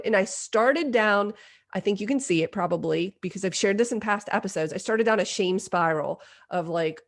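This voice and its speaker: Woman, forties, podcast host, confessional storytelling, self-mocking, mid-pitched voice. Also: moderate pace. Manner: self-deprecating, confessional, lively retelling. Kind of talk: candid personal storytelling.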